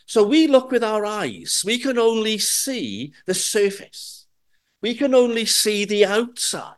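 A man preaches a sermon in a high, animated voice that rises and falls a lot. He takes his time, drawing out key words and stressing them. He keeps putting rhetorical questions to his listeners. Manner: slow, emphatic delivery with rhetorical questions.

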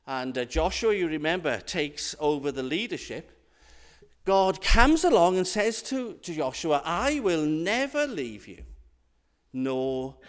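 A man delivers a sermon in a slow, deliberate way, leaning hard on his rhetorical questions. His voice sits high and swings widely in pitch. A long reverb trails his words around the church. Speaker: preacher.

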